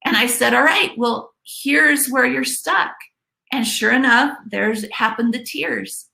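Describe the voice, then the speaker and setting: A woman coaching through a motivational webinar, her voice bright and a little high. She talks slowly and earnestly and repeats her key lines for weight. The sound has an echoey room around it. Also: creaky. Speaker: life coach presenting a webinar.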